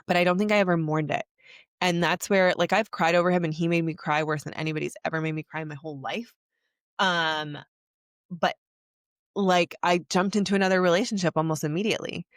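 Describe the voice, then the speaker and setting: A woman's voice: fairly low pitch, steady tone, fairly quick, no echo, studio quality. A young adult woman hosting a podcast, telling a personal story in a confessional way with many filler words. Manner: confessional, heavy use of "like" fillers. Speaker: podcast host.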